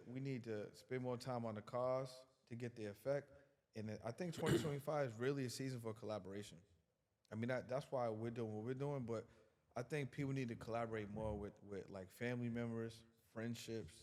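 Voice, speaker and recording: A man's voice: medium pitch, normal speed, a little mellow, big-room sound. A man guest on a podcast giving a casual motivational talk, emphatic and colloquial, repeating words as he builds his point.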